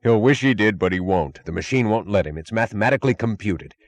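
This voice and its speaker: A man's voice: lowish voice, animated, quick pace. A man doing a snarling, cold official. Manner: snarling, snapping.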